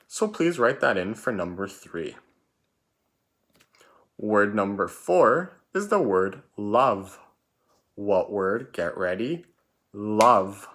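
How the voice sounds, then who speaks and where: A man's voice: lowish voice, a bit bright. A man teaching a recorded spelling lesson for children, patient and repetitive, calling out words and letters.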